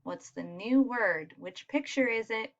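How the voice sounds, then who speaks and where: A woman's voice: fairly high pitch, a little slow, lo-fi sound. A woman teacher giving a recorded phonics lesson for children, patient and encouraging as she spells out sounds.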